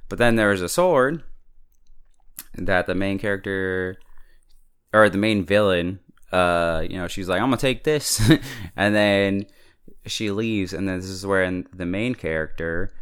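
A man's voice: deep voice, fairly bright tone, clear, resonant tone. A man casually recapping a TV episode, chatty and full of fillers, often breaking into laughs. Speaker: TV episode reviewer.

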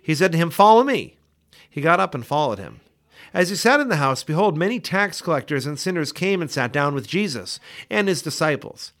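A man reading Bible passages aloud for a daily scripture podcast, in a measured, expressive way. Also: on the high side. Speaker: scripture reader.

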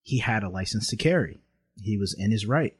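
A man's voice: lowish voice, lively intonation, a little fast, slightly rough. A man earnestly telling a personal story in a conversation, reflective and openly emotional at times.

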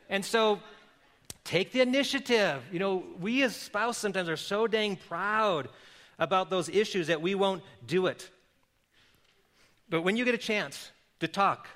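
A middle-aged man preaches to his congregation in a relaxed, storytelling way, often turning to them with questions. His voice sits a little high for a man and sounds bright and forceful. It rings out with the long reverb of a large church hall. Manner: conversational, playful storytelling, asks the congregation questions. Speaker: pastor. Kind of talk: sermon. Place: church service.

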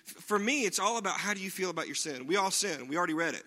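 A man's voice: sits high, racing, few pauses, sharp tone. A man preaching a sermon in a conversational way, often checking in with his listeners by asking "right?". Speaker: pastor.

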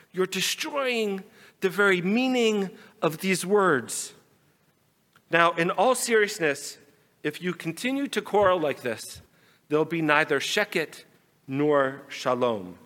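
A man, a rabbi, telling a folk story in a sermon, animated and raising his voice for quarrelling characters. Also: a little high, measured pace. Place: large synagogue sanctuary. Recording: long hall reverb.

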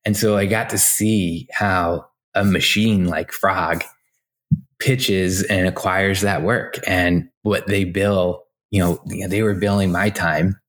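A man in his forties with a very deep, low voice, talking casually as an interview guest. He tells his stories loosely, with lots of fillers and restarts, and the delivery stays relaxed and conversational. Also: slow. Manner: chatty, anecdotal, many fillers and restarts, laughs often. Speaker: interview guest, design executive.

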